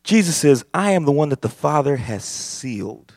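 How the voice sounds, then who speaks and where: A man preaching a sermon, impassioned and building to shouts. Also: a little high, big pitch swings, normal speed, no echo, clean studio sound. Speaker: pastor.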